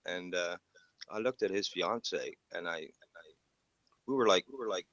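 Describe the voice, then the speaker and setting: Deep-voiced laid-back Canadian man. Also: measured pace, long pauses, fairly bright tone, no echo, lo-fi sound. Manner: laid-back storytelling, peppers lines with "eh" and "man". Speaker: panelist. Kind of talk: casual chat.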